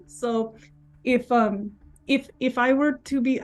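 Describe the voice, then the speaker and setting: A woman's voice: a little high, fairly even intonation, slow pace. A woman voicing characters as a tabletop game master, casual and wry, with hesitant restarts.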